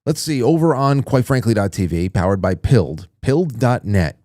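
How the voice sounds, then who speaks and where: A man's voice: mid-range voice, expressive, moderate pace, dark tone, no room sound, clean studio sound. A man hosting a call-in show, reading viewer messages aloud in a chatty, jokey way and reacting with surprise. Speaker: radio show host.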